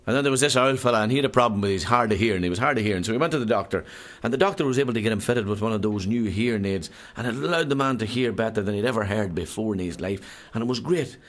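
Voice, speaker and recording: A man with an Irish accent telling jokes as a stand-up comedian, rambling quickly through stories with frequent restarts. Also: on the low side, a bit bright.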